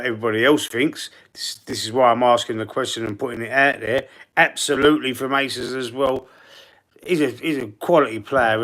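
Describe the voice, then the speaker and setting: A man's voice: medium pitch, a bit bright. A man with a Cockney London accent, chatting casually and rambling on a live football fan stream, reading out the chat.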